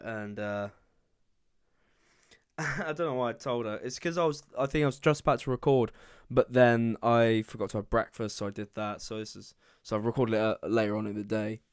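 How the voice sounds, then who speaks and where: A man's voice: lowish voice, fairly quick, smooth. Rambling young man hosting a solo podcast. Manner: rambling, chatty, self-deprecating. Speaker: podcast host. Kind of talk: casual solo podcast chat.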